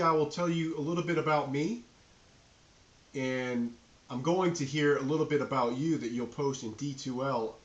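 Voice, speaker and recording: A man's voice: mid-range voice, roomy sound, dull audio. Enthusiastic middle-aged man with a New England accent. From New Hampshire, US. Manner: enthusiastic, friendly, addresses students directly. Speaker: university management instructor. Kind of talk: recorded course introduction.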